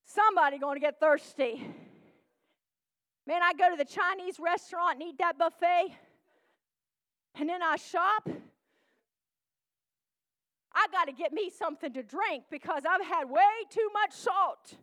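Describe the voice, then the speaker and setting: High-voiced preaching woman. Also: unhurried, pauses often, no room sound. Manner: call-and-response preaching, swings from shouting to hushed. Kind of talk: sermon.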